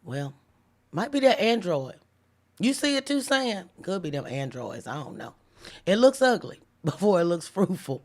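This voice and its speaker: A woman's voice: fairly low pitch, very animated. Chatty woman preaching a live devotional. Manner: chatty, reads viewer comments aloud, slows down for emphatic lines. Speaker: host of a live devotional stream. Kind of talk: casual livestream devotional preaching.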